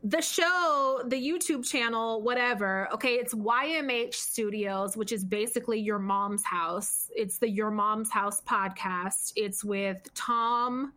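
A woman's voice: on the high side, slow pace, hardly any pauses, sharp tone. A woman co-hosting a podcast, telling a story in casual chat, blunt and full of profanity. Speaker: podcast co-host.

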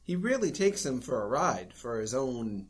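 A man's voice: mid-range voice, big pitch swings, moderate pace, slight background noise. A man co-hosting a comedy podcast, reacting with dry, wry remarks. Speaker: podcast co-host. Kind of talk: casual chat.

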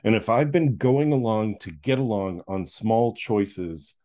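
A middle-aged man with a low, mellow voice tells a personal story as an interview guest. He acts out the scenes as he goes and often breaks into laughter. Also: lively intonation, measured pace.

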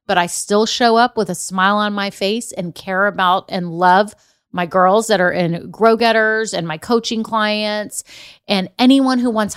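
A woman's voice: mid-range voice, fairly bright tone. Chatty woman coaching business owners. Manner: chatty storyteller, addresses listeners as y'all. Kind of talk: casual motivational talk.

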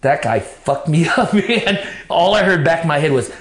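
A man's voice: fairly high pitch, animated, moderate pace. A man being interviewed, telling his life story in blunt, profane casual talk and acting out the things he told himself back then. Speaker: interview guest. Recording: roomy echo.

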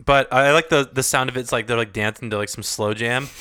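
A man's voice: medium pitch, fairly even intonation, fast talker, sharp tone, smooth. A man co-hosting a comedy podcast, telling stories in casual banter, laughing often and swearing freely.

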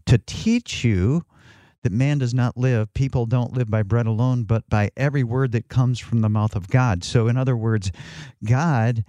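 Guy cohosting a radio show, thoughtful and reflective, warm mellow tone, mid pitch. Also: normal speed, no echo. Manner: thoughtful, reflective, quoting scripture. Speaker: radio co-host. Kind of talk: radio talk show chat.

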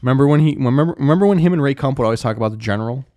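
A man co-hosting a podcast, teasing his friends with rough-mouthed banter. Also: medium pitch, expressive, very fast, warm tone. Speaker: podcast co-host. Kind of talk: casual chat.

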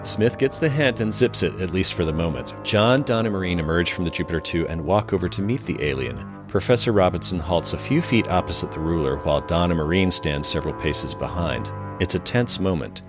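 A man co-hosting a podcast, narrating an episode scene by scene with dramatic, measured storytelling and dry asides. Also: low-pitched, expressive, over music. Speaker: podcast co-host recapping an episode.

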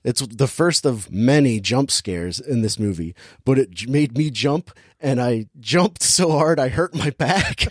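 A man casually recaps a film plot in an animated voice, laughing often and jumping way up in pitch when he mimics the characters. His pitch sits in an ordinary middle range, and the recording is close and dry with no room sound. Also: measured pace, few pauses, dry recording. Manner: animated storytelling, acts out characters' lines with big pitch jumps; laughs often while talking. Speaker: podcast co-host recapping a movie. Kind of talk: casual chat.

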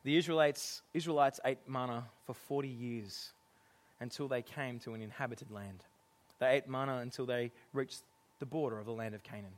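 A middle-aged man preaching a sermon, animated and often laughing as he acts out exasperated lines. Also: mid-range voice, moderate pace.

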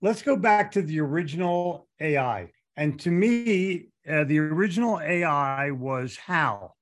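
A man hosting an interview, guiding the talk in a relaxed way. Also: on the high side, unhurried. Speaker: host. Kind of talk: casual interview chat.

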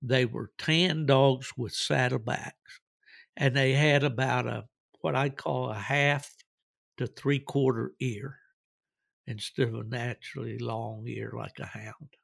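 A man's voice: medium pitch, fairly even intonation, takes it slowly, vocal fry, a bit bright, dry recording, clean studio sound. A man hosting a podcast, telling rambling, folksy stories with frequent chuckles. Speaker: podcast host. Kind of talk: casual storytelling.

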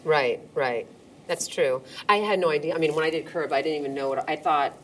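A middle-aged woman with a deep, low voice, chatting loosely as a guest. She rambles, stops to hunt for words, and slips into quoted voices. A faint noise runs under the recording. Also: fairly quick, a bit bright. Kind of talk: casual interview chat.

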